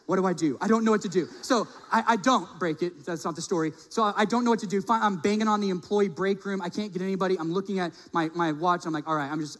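High-voiced pastor telling a story in a hall. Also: male voice. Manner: animated storyteller, acts out quoted voices. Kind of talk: sermon with storytelling. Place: church sanctuary. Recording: long reverb of a large hall.

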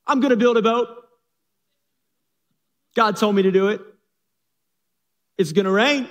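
A man voicing an eager visionary boat builder, breezy and excited, in an echoey hall. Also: sits high, a little slow, pitched above the performer's own voice.

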